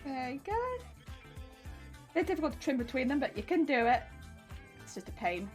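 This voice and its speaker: Bubbly high-voiced woman streaming. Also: moderate pace. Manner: bubbly, excitable, chatty. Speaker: craft streamer. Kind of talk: casual livestream chat while sewing. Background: background music and sewing machine.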